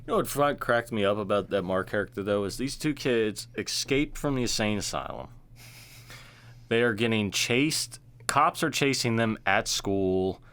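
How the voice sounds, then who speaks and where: An easygoing man co-hosting a podcast. His voice sits on the low side. He chats loosely and teases his partner. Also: normal speed, a bit bright. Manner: easygoing, teasing. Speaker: podcast co-host. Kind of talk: casual chat.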